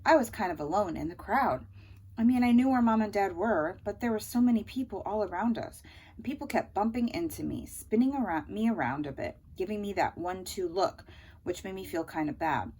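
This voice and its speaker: Woman reading a children's novel, lively. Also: mid-range voice, husky, rough recording. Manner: lively first-person narration as a young boy. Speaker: audiobook reader.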